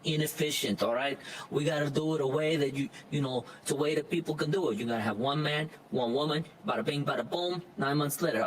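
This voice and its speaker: A pushy mafia-style angel, all wiseguy patter and veiled threats, as a man puts him on. His voice sits a bit high and comes from a distance, with a faint hiss behind it. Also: fairly bright tone, close to an everyday voice.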